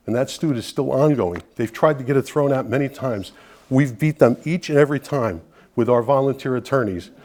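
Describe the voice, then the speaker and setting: Man, mid-pitched, advocacy leader addressing a group: earnest, persuasive, conversational, full of asides. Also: darkish tone. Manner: earnest, persuasive, with frequent "you know" asides. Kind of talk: conversational speech to an audience.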